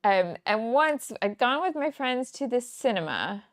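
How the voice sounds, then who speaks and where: This livestream host, a woman in her forties near Kansas City in the United States, teaches scrapbooking and chats casually while crafting live, telling rambling stories punctuated by laughs. She speaks a little slowly in a sing-song voice on the high side, in a dry, clean studio recording.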